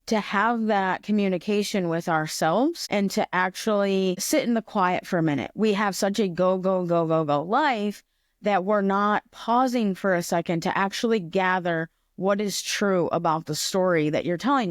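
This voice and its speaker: A woman's voice: medium pitch, unhurried, no echo. Reflective woman telling a story, dry close sound. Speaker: podcast co-host. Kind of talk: casual chat.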